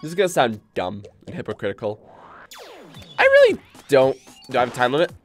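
A man commentating his own gameplay on a live stream, excitable and rambling, easily spooked by the game, with game music behind him. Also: mid-range voice, rapid-fire. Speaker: gaming streamer.

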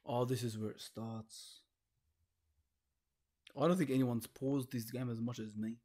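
A young man doing horror game commentary, swearing and mocking himself, jumping from low mutters to panicked yelps. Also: fairly even intonation, measured pace, warm tone, husky. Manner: jumpy, swearing, nervous self-mocking, shifting between muttering and panicked yelps. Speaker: gaming YouTuber.

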